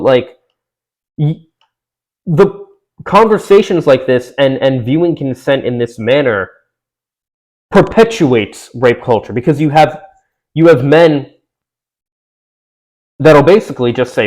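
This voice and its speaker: A man's voice: medium pitch, a little mellow, poor audio. A young man reacting to an article he reads aloud, sarcastic and exasperated, swearing often. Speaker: commentator.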